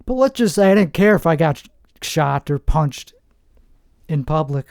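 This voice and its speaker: A man in his forties from New Jersey, hosting a rambling comedic monologue with deadpan, self-mocking asides. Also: on the high side, normal speed, creaky, dry recording, studio quality. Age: 40s. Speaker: comedian host.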